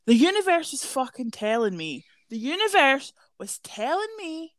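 A woman's voice: high voice, normal speed, no room sound. Woman, young adult, podcast co-host, casual storytelling, swears a lot, dry room. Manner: chatty, swears freely, lively storytelling.

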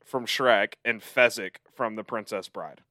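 A man's voice: lowish voice, measured pace, pushed and bright, dry recording, studio quality. A man on a podcast talking casually, rambling and hesitant with lots of ums. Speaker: podcast co-host. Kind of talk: casual chat.

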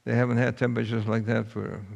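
A preacher tells a story in a folksy, earnest way, his voice gravelly at mid pitch. The sound carries a long reverb from a large hall. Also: flat delivery, quick pace. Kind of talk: sermon storytelling.

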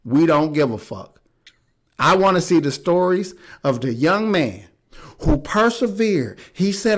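This man's voice sits on the high side, with lively intonation and a measured pace. Hosting a podcast, he chats casually, airing strong opinions in a blunt, foul-mouthed way.

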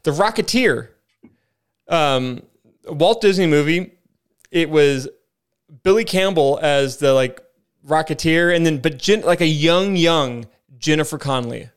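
A man's voice: fairly high pitch, measured pace, smooth. A man co-hosting a podcast, chatting casually and enthusiastically about movies and often restarting his sentences. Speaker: podcast co-host.

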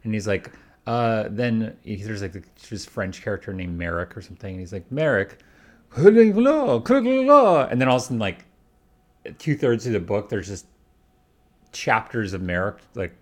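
Deep-voiced man in rambling chat. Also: lively intonation, measured pace. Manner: rambling, full of restarts and hedges. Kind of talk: casual chat.

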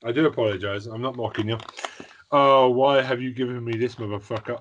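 A man's voice: mid-range voice, steady tone, brisk, dull audio. A man hosting a casual podcast, laughing at himself and swearing often as he chats with his co-hosts. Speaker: podcast host.

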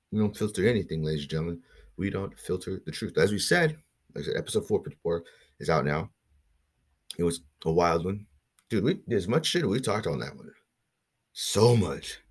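A man from Northern California hosts his own podcast solo, rambling in a profane, hyped-up casual monologue. His low voice is animated and slightly rough, moving at a moderate pace.

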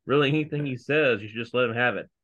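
A man's voice: medium pitch, quick pace, a bit bright, lo-fi sound. A man co-hosting a podcast, recapping a TV episode in casual chat and making wry, jokey asides. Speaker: podcast co-host.

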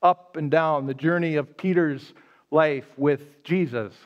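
A man's voice: on the high side, steady tone, unhurried, highs cut off. A man pastor giving a live sermon, telling the story conversationally and casting his listeners as the disciple Peter. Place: church sanctuary.

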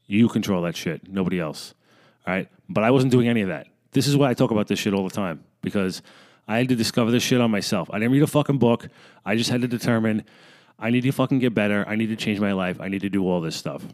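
A man's voice: lowish voice, quick pace, darkish tone. A man in his thirties, a fitness coach, talking bluntly and profanely in a rambling casual monologue.

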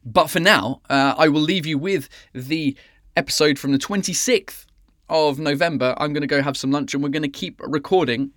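A man's voice: on the high side, normal speed, a bit bright, no echo, studio quality. A man hosting a casual live-stream chat show. He rambles in a cheeky way, swears freely and slips in and out of French. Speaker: comedian podcast host.

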